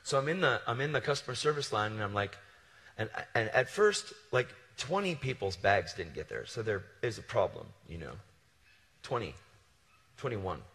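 A male preacher with a fairly low voice and a bright, forceful tone, telling a story in an animated and casual way. His sermon rings out with the long reverb of a big hall. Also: moderate pace. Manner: casual and animated, slangy asides.

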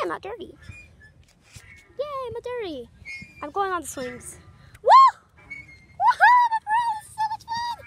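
A woman voicing an excitable, clumsy young girl at a playground, chattering through everything she does and yelping when she tumbles. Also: very high voice, heavily acted. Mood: squealing. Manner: chatty running self-commentary, squealing and yelping. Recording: noisy background.

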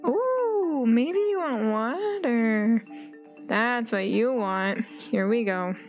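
A young gaming video creator gives excited commentary on a game, gasping, squealing and baby-talking to the animals. Her fairly high voice is animated yet extremely slow, with soft music in the background.

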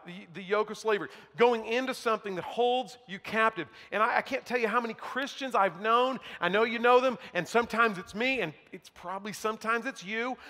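Emphatic guy preaching, high-pitched and sharp, drops quiet then punches loud. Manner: emphatic preaching, swings from loud to hushed, mocking asides. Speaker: pastor. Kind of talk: sermon. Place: church sanctuary. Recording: long hall reverb.

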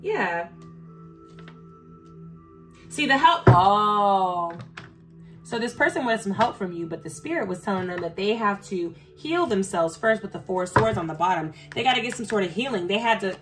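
A woman at mid pitch works through a casual tarot reading, addressing her viewers directly. She is blunt and profane, and she grows emphatic and fired up as she goes. Soft music sits faintly underneath her voice. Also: expressive, normal speed. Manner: gets heated and emphatic. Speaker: tarot reader. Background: faint background music.

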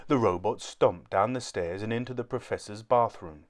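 Man, low voice, reading a children's book aloud, clear, steady. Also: normal speed. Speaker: storyteller.

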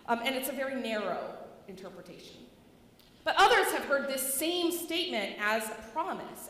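A fairly high-voiced woman pastor gives a plain, conversational sermon with frequent ums. Her voice rings through a large church with a long, trailing reverb. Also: fairly bright tone. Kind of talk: church service reading and sermon. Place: church sanctuary.

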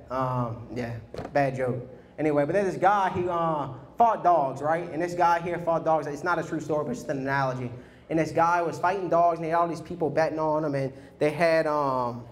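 A man preaching a sermon in an energetic, conversational way, often saying "man" to the congregation. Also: on the high side.

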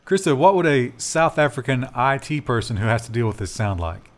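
A man's voice: medium pitch, fairly quick. A man co-hosting a casual tech news show, joking and chatting with fillers. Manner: lively, joking, trails off with fillers.

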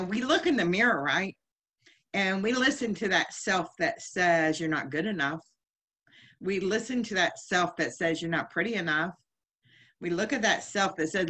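At a chapel service, a woman speaking at a fairly low pitch in a pushed, bright voice delivers a heartfelt spiritual lecture in a conversational style, often putting questions to her listeners.

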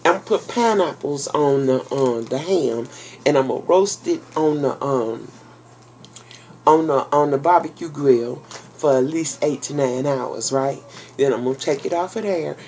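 A grandmother with a low, deep speaking voice chats casually from her home office. She talks to her viewers in a folksy, salty way, full of endearments, and sounds worn out. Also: moderate pace, darkish tone. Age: older. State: tired. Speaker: vlogger. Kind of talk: casual vlog chat.

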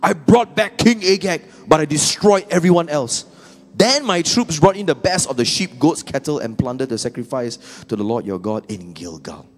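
A man voicing a proud, defensive male king making excuses, in a high, loud, self-justifying voice. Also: animated, moderate pace. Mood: insistent.

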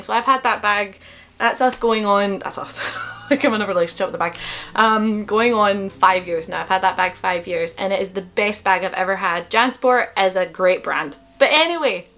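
A woman's voice: mid-range voice, a bit bright. A young woman vlogging an unboxing, gushing and emotional, gasping and giggling as she talks. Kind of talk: excited unboxing vlog.

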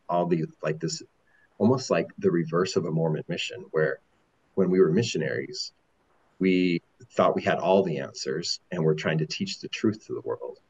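Man, 40s, deep husky voice, candid rambling storyteller with lots of restarts, dull lo-fi sound. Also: a little mellow. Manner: rambling, halting with repeated restarts. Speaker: podcast guest.

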